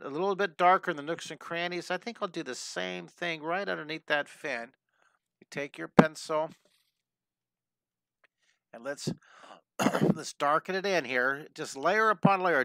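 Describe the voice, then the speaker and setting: A middle-aged man leads a drawing lesson with bright, crisp energy. He encourages his young viewers and drifts into cheerful stories. The sound is dry and close to the mic. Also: a little high, a little slow, no room sound. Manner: enthusiastic and encouraging, chatty asides. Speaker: drawing teacher. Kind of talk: live drawing lesson with storytelling.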